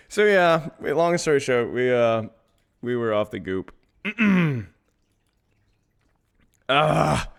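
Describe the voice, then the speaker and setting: Coaching a game on stream, this man rambles casually with his viewers and laughs constantly. His mid-range voice swings widely in pitch, with drawn-out words, a creaky quality, and frequent pauses.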